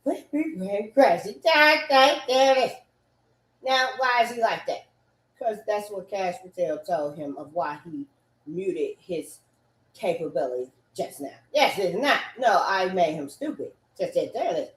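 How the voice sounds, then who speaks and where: A woman ranting in a loud, profane, repetitive way, swinging between loud bursts and low mutters. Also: animated, a little slow. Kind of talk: animated rant. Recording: echoey room.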